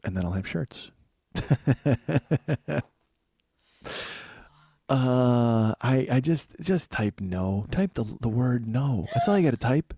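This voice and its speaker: A man's voice: medium pitch, animated, slow, long pauses, dark tone, no room sound. An American man in his forties hosting a comedy podcast, rambling through a profane, self-mocking solo monologue. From United States. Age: 40s. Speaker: podcast host.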